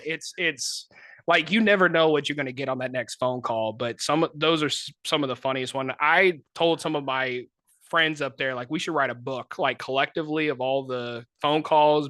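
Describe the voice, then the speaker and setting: A man telling stories on a podcast in a casual, animated way, peppering his talk with "like" and slipping into quick character voices. His voice is fairly high for a man and strikingly bright. The sound is close and dry, with no room echo at all. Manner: animated, filler-heavy anecdotes with many put-on voices. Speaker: podcast co-host. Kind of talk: casual storytelling chat.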